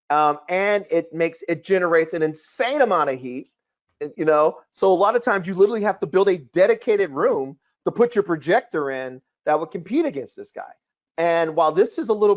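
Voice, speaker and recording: A man hosting a casual chat, explaining things in an emphatic, animated way. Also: on the high side. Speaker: projector reviewer, host. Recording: lo-fi, dull sound.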